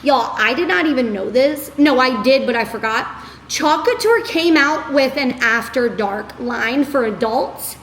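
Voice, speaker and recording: A woman's voice: high voice, a little slow, fairly bright tone, slight background noise. A woman, giving an upbeat, rambling motivational talk to her followers, saying "y'all" and "girl". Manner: chatty, upbeat, scattered, says "y'all" and "girl". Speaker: motivational creator. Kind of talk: casual motivational talk to camera. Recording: echoey room with faint ambience.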